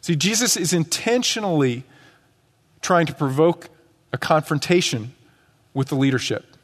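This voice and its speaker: A man's voice: a little high, in a large hall. A male pastor delivering a sermon in a conversational way, acting out quotes as he teaches. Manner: conversational preaching with acted-out quotes. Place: church sanctuary.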